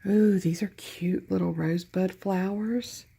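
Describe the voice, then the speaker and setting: A woman's voice: medium pitch, fairly even intonation, a little slow, creaky, dark tone, slight background noise. A woman with a Southern US accent chatting casually as she opens a craft gift package, gushing and laughing at herself. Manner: gushing, self-deprecating, chatty. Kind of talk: casual unboxing chat.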